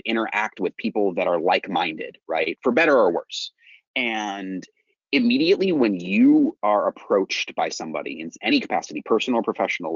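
A man's voice: deep voice, slightly rough, no echo, muffled recording. A man in casual podcast chat, explaining his ideas at length and often checking in with "right?". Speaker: sales podcast co-host.

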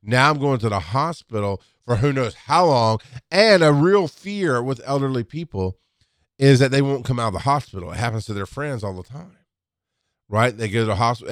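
A man's voice: mid-range voice, lively intonation, brisk, no room sound, studio quality. A man who works as a paramedic talks candidly in a rambling, casual monologue, full of restarts and asides.

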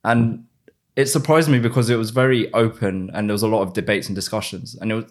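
A man's voice: lowish voice, fairly even intonation, fast talker. A man in his twenties, a podcast guest chatting casually and recalling old stories in long rambling runs. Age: 20s. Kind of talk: casual chat.

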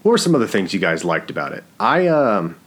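A man's voice: fairly low pitch, fairly quick. A man co-hosting a podcast, chatting casually and jokily about a film. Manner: animated, jokey. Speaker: podcast co-host. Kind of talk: casual film-review chat.

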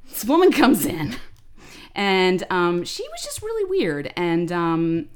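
A woman co-hosting a podcast, telling stories in a lively, ranting, freely swearing way. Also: fairly low pitch, slow, a little hiss or hum. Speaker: podcast co-host. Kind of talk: casual chat, storytelling.

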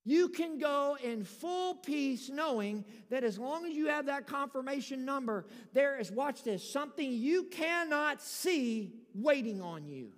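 A male pastor preaches with a very high voice, folksy and emphatic, building his points until he is shouting. His voice rings out with a long reverb through a large hall. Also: expressive, a little slow, few pauses. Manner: folksy storytelling with humor. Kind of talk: sermon.

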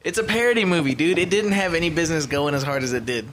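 A man chatting on a podcast in a loose, profane, rambling way that gets excitable. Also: on the high side, fast, a little hiss or hum. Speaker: podcast co-host. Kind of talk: casual chat.

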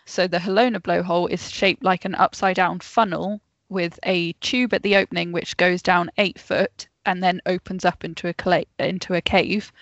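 A woman's voice: lowish voice, steady tone, moderate pace, few pauses, no room sound. A woman co-hosting a casual podcast, telling a true story to friends and often breaking into giggles. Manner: giggly, easily sidetracked storyteller. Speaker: podcast co-host. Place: home, remote call. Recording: dull, dry lo-fi mic.

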